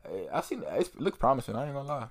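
A man's voice: mid-range voice, sing-song, very fast. A man co-hosting a podcast, chatting casually in slangy speech, often repeating and restarting words. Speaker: podcast co-host. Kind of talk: casual chat.

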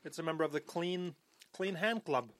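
A man's voice: on the high side, lively intonation, normal speed, a bit bright, a little hiss or hum. A man hosting a podcast, chatting casually in a playful, teasing way. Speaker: podcast host.

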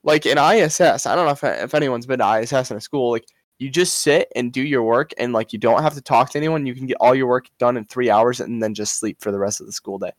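A man's voice: mid-range voice, fast talker, no room sound, clean studio sound. Rambling, foul-mouthed young man. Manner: profane, rambling, repeats himself. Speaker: podcast co-host. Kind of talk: casual storytelling chat.

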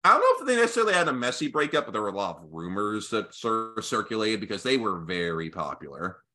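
A young man co-hosting a casual album review podcast, joking and animated as he talks through songs. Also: on the low side, quick pace. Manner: animated, joking, reads lyrics aloud. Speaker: podcast co-host.

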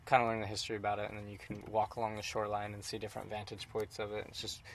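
Young male podcast host, slightly low voice, eager and rambling, faint background hiss. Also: very fast. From Utah. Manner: excitable, rambling with many fillers. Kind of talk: casual travel chat.

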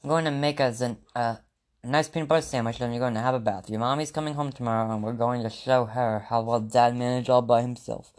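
A man's voice: mid-range voice, steady tone, quick pace, lightly acted. A man voicing a cheerful father cooking for his sons, read in an upbeat, coaxing storybook manner.

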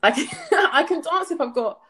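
A woman's voice: high-pitched, animated, moderate pace, fairly bright tone. A young woman from London with a London accent, co-hosting a podcast in casual, playful banter and laughing often. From London, England. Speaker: podcast co-host. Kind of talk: casual chat.

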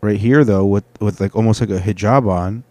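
A man's voice: on the low side, fairly quick, mellow. A man hosting a casual reaction show, rambling and profane, often restarting his sentences. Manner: rambling, profane, self-correcting. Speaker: host reacting to video clips.

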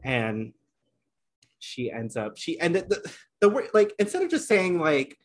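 Animated man retelling a show. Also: a little high, unhurried. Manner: animated storytelling, many fillers. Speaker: podcast co-host. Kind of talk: casual chat recapping a reality show.

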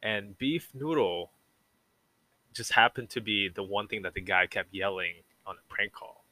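A man's voice: fairly low pitch, measured pace, pushed and bright. A young man talking as a podcast guest, rambling and reflective and saying "like" a lot. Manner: rambling and reflective, heavy use of "like". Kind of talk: casual conversation.

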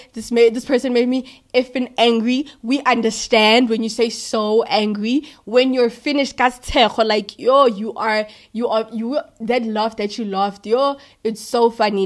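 Slangy young woman, higher voice. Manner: slangy, conversational, emphatic. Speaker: Christian podcast host. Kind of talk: casual faith talk.

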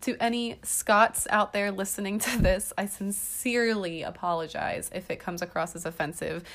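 A woman's voice: mid-range voice, fairly even intonation, moderate pace, a bit bright. A woman in her thirties hosting a casual podcast, talking chattily with lots of ums and restarts. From half Irish. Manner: chatty, rambling, frequent ums. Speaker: podcast host. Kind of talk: casual chat.

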